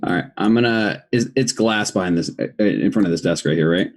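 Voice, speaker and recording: A man's voice: low voice, a little fast. A man playing a tabletop game who stops to check details before he acts. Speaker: player.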